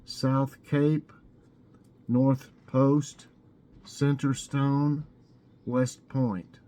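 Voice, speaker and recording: A man with a mellow, relaxed voice hosts a laid-back trivia segment. He mulls over each question aloud, drawing out the choices before reading the answer. His tone is chatty and unhurried. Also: mid-range voice. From Tennessee. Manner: chatty and musing, drawls out answer options. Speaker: vlogger hosting trivia.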